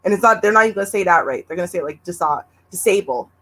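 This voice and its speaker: Husky woman chiming in. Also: medium pitch, very fast, pushed and bright. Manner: chiming in with agreement. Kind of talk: casual chat.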